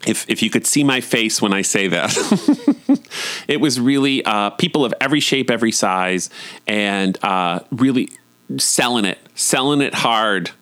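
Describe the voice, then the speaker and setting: Chatty, campy man telling stories. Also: unhurried. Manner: chatty and campy, with sudden high excited swoops. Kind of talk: casual storytelling monologue. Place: at home.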